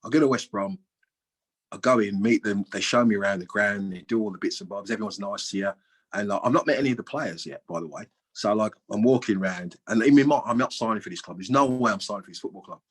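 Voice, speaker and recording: A man in his sixties with a lowish, husky voice recounts stories in a loose, colloquial way. He tells them with lively energy, as a guest sharing memories of his football days. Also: fast. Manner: lively, acts out other people's lines with big jumps in voice; colloquial, chatty. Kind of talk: anecdotal storytelling.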